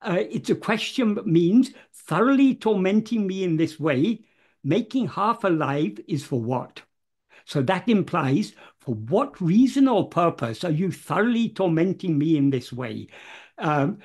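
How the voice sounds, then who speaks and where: A man talks through the meaning of a devotional verse at an unhurried, slow pace. He is measured and careful, stopping often on hesitant fillers and restarting his phrases as he explains each word. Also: high-pitched, sing-song, husky. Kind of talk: unscripted explanatory talk.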